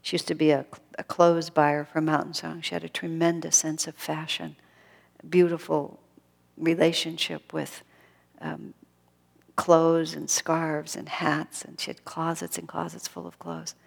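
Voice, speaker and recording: A woman giving a thoughtful spiritual talk, dropping to a hush when she quotes others. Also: deep voice, level tone, measured pace, gravelly. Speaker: spiritual teacher. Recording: long reverb of a hall.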